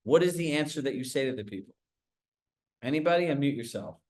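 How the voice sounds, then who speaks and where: A man leading a live coaching call on a video call, talking with quick asides and quizzing his group. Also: mid-range voice, expressive. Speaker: real estate sales coach.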